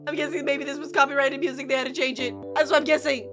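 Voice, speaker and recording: Lol young woman reacting to a vid, super high and swoopy, exclaims a lot, loud music behind. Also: quick pace. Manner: excitable, exclaims and laughs often. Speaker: reaction video host. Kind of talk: casual reaction commentary. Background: video soundtrack music playing.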